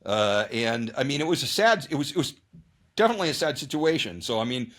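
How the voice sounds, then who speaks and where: A man's voice: mid-range voice, fast. A man telling a long story in a casual interview, rambling and repeating words, acting out his own thoughts and other people's lines. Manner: rambling, animated, many restarts and repeated words. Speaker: guest ultrarunner.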